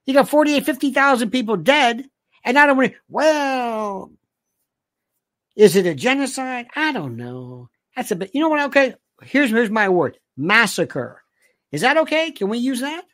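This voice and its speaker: A man's voice: very high-pitched, sing-song, normal speed, a bit bright. Male show host, casual rant, sarcastic and exasperated, with lots of rhetorical questions and restarts.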